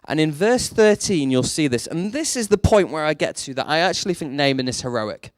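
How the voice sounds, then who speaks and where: A young man delivers a sermon in a slightly high voice, recorded close and dry. He tells his stories steadily and throws rhetorical questions at his listeners, his pitch leaping upward whenever he drives a point home. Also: brisk, no echo. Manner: storytelling, animated, rises sharply for emphasis. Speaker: preacher.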